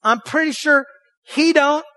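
Male pastor, high voice, dry close sound, emphatic sermon delivery with rhetorical questions and call-and-response. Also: a little slow, bright, forceful tone, dry recording. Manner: emphatic, rhetorical questions, leads the congregation in repeating lines.

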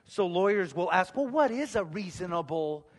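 A man, preaching a sermon in a high, conversational voice. He drops to soft asides and then bursts into loud shouts. The sound carries the long reverb of a church hall. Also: expressive, normal speed. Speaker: pastor.

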